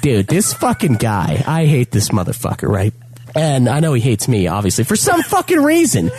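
A man co-hosting a podcast, ranting profanely in casual chat, his voice jumping high when he gets worked up. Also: huge pitch swings, normal speed, darkish tone, faint music behind. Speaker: podcast co-host.

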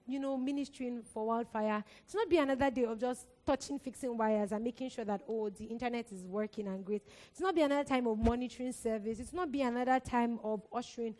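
A woman urges church volunteers, hammering short phrases again and again. Her voice sits a little high and breaks into frequent laughter. The sound carries a long reverb from a church hall. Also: fast talker, few pauses, a little mellow. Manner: repetitive, emphatic, laughs often. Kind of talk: exhortation to church workers.

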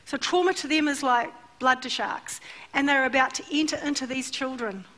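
Bright-voiced, animated woman preaching. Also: high-pitched, normal speed. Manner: animated storytelling, acts out voices. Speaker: church speaker. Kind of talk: sermon. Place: church.

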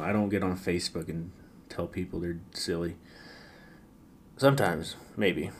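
A man hosting a late-night solo podcast, rambling wryly with frequent stammered restarts. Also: low voice. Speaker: podcast host.

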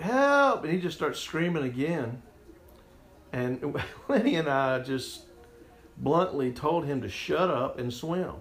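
A man telling a personal story in a rambling, conversational way with frequent restarts. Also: mid-range voice. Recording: roomy echo, faint music behind.

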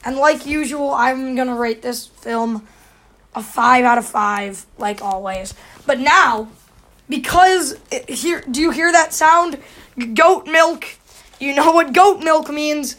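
Giggly high-voiced woman podcaster. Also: fairly bright tone. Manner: giggly and quick-talking. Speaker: podcast co-host. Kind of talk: casual chat.

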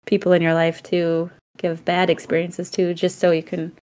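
A woman's voice: fairly low pitch, moderate pace, a little hiss or hum. A woman co-hosting a podcast, chatting casually and acting out the people in her stories. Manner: animated storyteller who acts out quotes. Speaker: podcast co-host. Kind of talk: casual chat.

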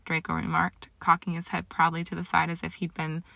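A woman narrating fan fiction aloud in a steady storytelling manner, now and then tripping on a word and correcting herself. Her voice is low and carries a gravelly fry. The sound is close and dry. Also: a little fast, no room sound. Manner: steady storytelling with small slips.

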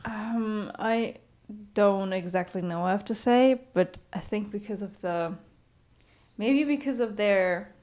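Woman podcast co-host, slow unhurried delivery, giggly and hesitant, casual chat. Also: mid-range voice, darkish tone.

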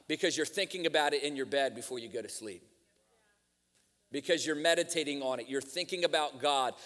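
A man's voice: on the high side, fairly bright tone, big-room sound. A man preaching a sermon, telling stories and then urging his listeners with rising fervor. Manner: storytelling, building to fervent exhortation. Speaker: guest preacher. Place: church sanctuary.

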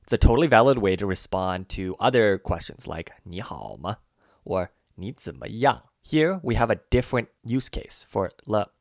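A man co-hosting a language lesson, carefully walking through example phrases and slowing down on the key words. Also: lowish voice, very animated, gravelly, dry recording, clean studio sound. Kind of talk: scripted explanatory lesson.

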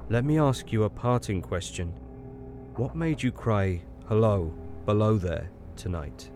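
A man doing a haunted, low-voiced signalman. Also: music in the background. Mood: ominous. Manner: low, hushed, halting and ominous. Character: troubled, grave middle-aged male railway signalman. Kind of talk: audiobook character voice.

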